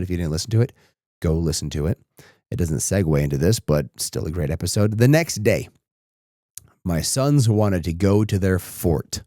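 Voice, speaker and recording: A man's voice: low voice, warm tone, no room sound, studio quality. A man in his thirties hosting a podcast, telling a personal story in a reflective way that turns emotional and tearful. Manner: reflective, becomes emotional and tearful while recounting. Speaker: podcast host.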